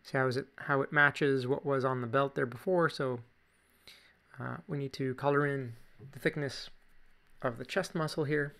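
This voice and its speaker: A man's voice: medium pitch, fairly even intonation, normal speed, gravelly, a bit bright. A man with a Canadian accent, chatting casually through a drawing tutorial with jokey asides. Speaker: drawing teacher.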